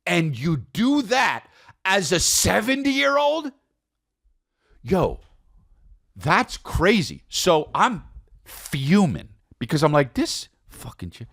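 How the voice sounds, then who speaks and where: A man co-hosting a podcast, telling a comedic story in an animated, profane, self-mocking way. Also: sits high, takes it slowly, pauses often, no room sound, studio quality. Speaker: podcast co-host.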